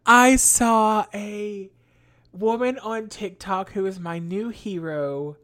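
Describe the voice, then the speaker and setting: A woman's voice: mid-range voice, slow, fairly bright tone. A woman co-hosting a podcast in casual chat, chatty and wry with self-mocking jokes. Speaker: podcast co-host.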